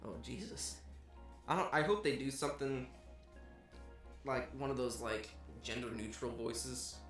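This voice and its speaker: An excitable man talks through a manga chapter on a podcast. He swears casually and acts out the characters' lines. The room around him is echoey. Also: medium pitch, a little slow, faint music behind. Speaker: podcast co-host.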